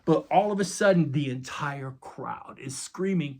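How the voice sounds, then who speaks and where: A man's voice: fairly high pitch, a little slow, mellow. A man preaching a sermon, retelling a story dramatically with casual asides to his listeners. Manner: dramatic retelling with acted quotes and sound effects; casual, addresses listeners as guys. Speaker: pastor.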